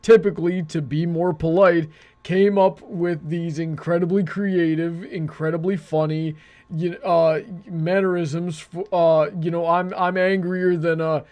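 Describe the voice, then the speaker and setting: Halting, earnest debate host, a man. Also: on the high side, fairly even intonation, darkish tone. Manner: earnest, halting, restarts his sentences. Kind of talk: casual debate.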